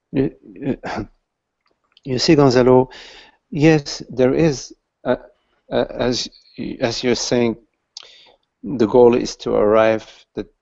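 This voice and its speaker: A man leading a satsang, explaining patiently and haltingly to a questioner, with many restarts. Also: on the low side, creaky, mellow, muffled recording. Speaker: satsang teacher. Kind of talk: spiritual dialogue with a questioner.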